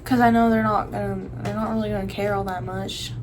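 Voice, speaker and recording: A woman's voice: medium pitch, flat delivery, brisk, noisy background. A young woman in her teens ranting casually to the camera, rambling with lots of fillers and restarts. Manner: rambling, full of likes and restarts. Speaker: vlogger.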